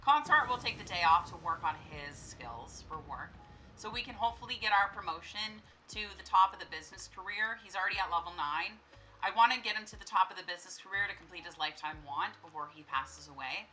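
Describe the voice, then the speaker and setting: A young woman with a bright, forceful voice gives casual gameplay commentary. She chats with the characters on screen as if they could hear her and sometimes bursts into startled, laughing screams. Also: lowish voice, animated, fast, soft background music, rough recording. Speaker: gameplay streamer. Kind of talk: casual let's-play commentary.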